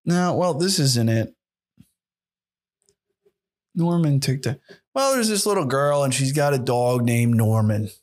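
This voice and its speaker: A man's voice: mid-range voice, lively intonation, measured pace, pauses often. A young man hosting a solo podcast, rambling and sarcastic with plenty of swearing. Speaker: podcast host.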